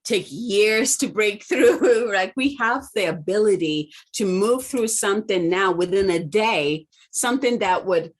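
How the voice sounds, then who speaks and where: A woman's voice: medium pitch, lively intonation, measured pace, hardly any pauses. A woman guest on a podcast interview, talking in an earnest, affirming way and often checking in with "right?". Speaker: guest, spiritual mentor.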